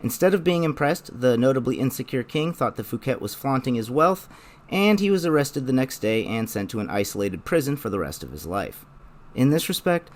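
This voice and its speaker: A young man narrating a scripted video essay in a measured, explanatory way. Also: mid-range voice.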